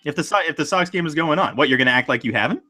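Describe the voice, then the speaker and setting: A man's voice: fairly high pitch, lively intonation, rapid-fire, pushed and bright. A man hosting a podcast, chatting casually and loosely with many fillers as he reads listener stories. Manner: loose and rambling, many fillers, laughs easily. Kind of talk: casual chat.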